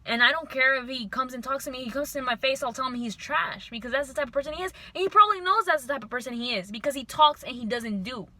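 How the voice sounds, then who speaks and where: A young woman vlogger telling a storytime to camera, venting in an animated, frustrated way. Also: sits high, fast, few pauses.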